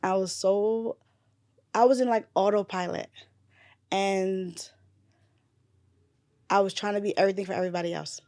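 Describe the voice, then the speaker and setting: A woman's voice: mid-range voice, fairly even intonation, moderate pace, pauses often, no room sound. Candid grieving woman, dry close sound. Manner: candid, swearing, drifts from loud retelling to quiet grief. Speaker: guest, nurse and bereaved mother. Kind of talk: emotional podcast conversation.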